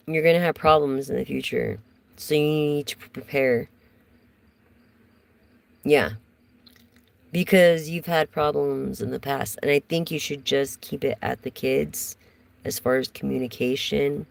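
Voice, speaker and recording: A woman's voice: a bass voice, fairly even intonation, unhurried, gravelly, pauses often, no echo, rough recording. A woman giving a casual live tarot reading, chatty and rambling as she talks straight to her viewers. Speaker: tarot reader.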